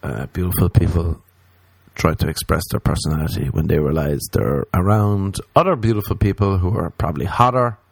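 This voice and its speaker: Profane rambling Irishman, low dry voice. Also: fairly quick, creaky, breathy edge, no echo. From Ireland. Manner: rambling, profane, mocking asides. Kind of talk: casual stand-up style monologue.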